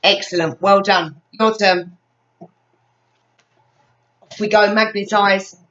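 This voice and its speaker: A woman's voice: mid-range voice, steady tone, takes it slowly, fairly bright tone, distant mic. A woman with an English accent teaching a phonics lesson to young children, praising often in a sing-song way. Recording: dull sound from off mic.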